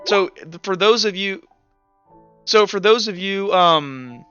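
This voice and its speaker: A man's voice: sits high, lively intonation, takes it slowly, bright, forceful tone, clean tone, no room sound, muffled recording, soft background music. A man narrating as game master of a tabletop game, rambling with lots of fillers and restarts.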